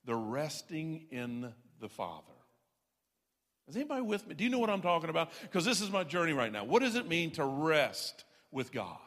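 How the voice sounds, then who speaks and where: A man delivers an emphatic, folksy sermon, often self-deprecating. His voice sits on the higher side. A long reverb from a big hall trails his words. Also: sing-song, moderate pace, a bit bright. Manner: folksy, self-deprecating, emphatic preaching with repeated "I'm telling you". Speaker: pastor.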